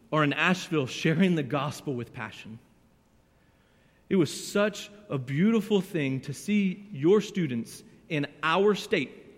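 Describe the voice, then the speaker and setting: A man, preaching a sermon as a youth pastor, earnest and emotional, swinging between loud and hushed. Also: fairly high pitch. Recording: church hall with long reverb.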